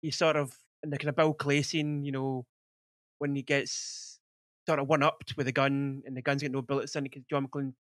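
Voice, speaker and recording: A man's voice: medium pitch, little pitch movement, moderate pace, no room sound, studio quality. A man in his forties hosting a podcast, chatting casually about films with lots of rambling filler words. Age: 40s. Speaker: podcast host. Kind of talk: casual film chat.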